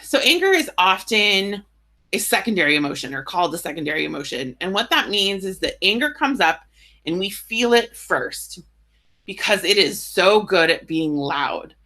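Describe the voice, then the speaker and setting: A woman leading a guided EFT tapping session, explaining in a casual way and then slowly speaking affirmations for the listener to repeat. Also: medium pitch, sing-song. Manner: gentle, instructive, slows for affirmations; casual, uses "right?" and "like" often.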